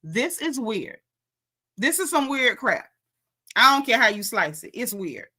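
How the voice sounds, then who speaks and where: A woman with a bright, forceful voice pitched slightly high delivers a casual reality TV recap. She gossips in a sassy, slangy way and calls out the cast as she talks. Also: very animated, a little slow.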